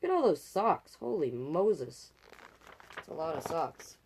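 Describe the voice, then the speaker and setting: A woman's voice: low voice, very animated, measured pace, a little mellow, slightly rough. A woman from Canada reading a picture book aloud as storytime host, with chatty asides and playful sound effects.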